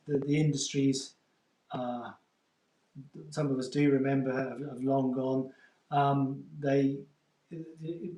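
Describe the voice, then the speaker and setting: A man from Lowestoft, a folk singer-songwriter, introducing his songs in a relaxed, hesitant way. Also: recorded from a distance. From Lowestoft, England. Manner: relaxed, hesitant, many fillers. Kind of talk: casual chat introducing songs. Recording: roomy, from afar, guitar behind.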